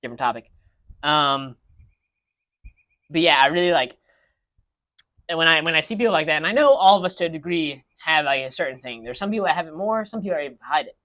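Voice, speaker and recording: A man's voice: fairly high pitch, lively intonation, fast, pauses often, bright, forceful tone. A man ranting in casual chat with friends, rambling with many restarts and fillers. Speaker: podcast co-host. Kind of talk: casual rant among friends.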